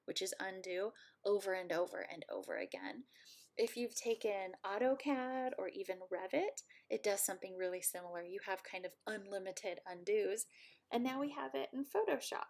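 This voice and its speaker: A woman instructor at home, giving a friendly, playful software tutorial walkthrough and joking about herself. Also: mid-range voice, vocal fry.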